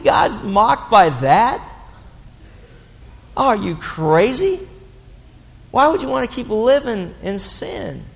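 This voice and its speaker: Male pastor with a high voice, preaching bluntly and animatedly in a reverberant church hall. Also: creaky. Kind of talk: sermon.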